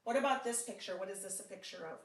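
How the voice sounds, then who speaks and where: A woman teaching a one-on-one phonics lesson, patient and encouraging, with frequent praise and slow, deliberate sounding out of words. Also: mid-range voice, recorded from a distance. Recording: roomy sound from off mic.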